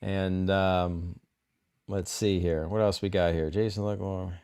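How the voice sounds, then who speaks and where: A man with a slightly low voice talks through a TV episode in a loose, unscripted way. He keeps circling back with fillers and restarts, but his enthusiasm carries through. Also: little pitch movement, a little slow, darkish tone, smooth. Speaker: show host. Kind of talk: casual spoiler talk about a TV episode.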